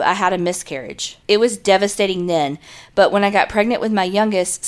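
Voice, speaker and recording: A woman co-hosting a podcast, reading listener emails aloud in an earnest way and adding wry asides in casual chat. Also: medium pitch.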